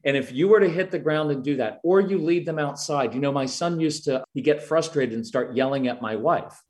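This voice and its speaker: Answering an interviewer's parenting questions, a middle-aged guest expert speaks earnestly and explains things, occasionally acting out what he tells children and parents. His voice is a little high, a little fast, and a little mellow.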